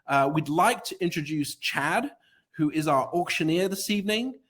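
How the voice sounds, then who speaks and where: A man with a somewhat high voice hosts a live-streamed benefit gala. He sounds upbeat and fills the gaps with easy ad-libs. He moves the program along from guest to guest. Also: lively intonation, a bit bright. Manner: upbeat, ad-libbing through pauses. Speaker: event host.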